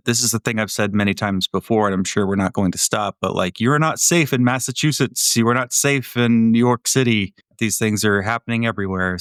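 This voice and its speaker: A man's voice: fairly low pitch, fairly bright tone, clean tone, dry recording, studio quality. A man who grew up in Florida, co-hosting a podcast in casual chat, wry and rambling, with the odd swear. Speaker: podcast co-host.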